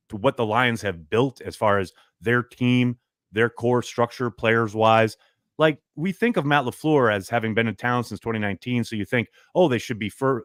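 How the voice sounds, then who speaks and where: A man talking as a guest analyst on a sports radio show, emphatic and quick with his points. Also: mid-range voice, no echo, studio quality. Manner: emphatic, rapid analytical talk. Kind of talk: casual sports radio chat.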